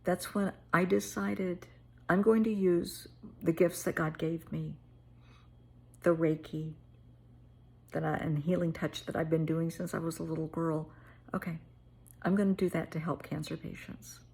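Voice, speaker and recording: A woman's voice: sits low, fairly even intonation, measured pace, vocal fry, pauses often, darkish tone, slightly rough. A middle-aged woman therapist telling a personal story and giving earnest, emotional advice. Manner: earnest, emotional, calls listener honey.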